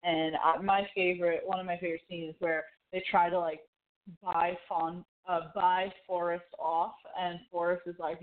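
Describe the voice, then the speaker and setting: A woman in casual film chat, excitable, explaining background facts with frequent fillers. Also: lowish voice, normal speed. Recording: tinny phone-like sound.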